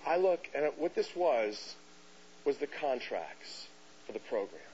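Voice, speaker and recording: A man with a mid-range voice lectures to an audience at an unhurried pace, telling a story with animation and acting out the voices of the people he quotes. The lecture recording sounds dull and hissy.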